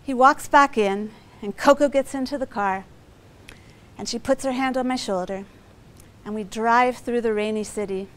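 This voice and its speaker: A woman's voice: on the high side, normal speed. A middle-aged woman telling a personal story live, emotional and vivid, acting out sounds and quotes.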